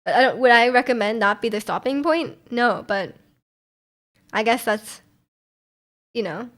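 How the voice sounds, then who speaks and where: A woman's voice: on the high side, a little slow, a bit bright. A young woman livestreamer in casual chat, rambling and laughing often as she answers her chat.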